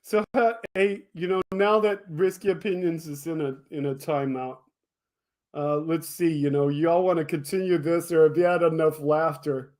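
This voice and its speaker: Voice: mid-range voice, steady tone, normal speed, darkish tone. A livestream show host in casual chat, reading the chat and mocking commenters directly, using casual talk with fillers and swearing. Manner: mocking, talks straight back to chat commenters; laughs often and hard.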